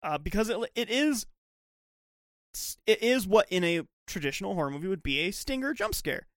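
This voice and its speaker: A man's voice: high-pitched, normal speed, no echo, clean studio sound. A young man co-hosting a podcast, animatedly retelling scenes and swearing in casual chat. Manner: animated, acts out quotes, swears. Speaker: podcast co-host.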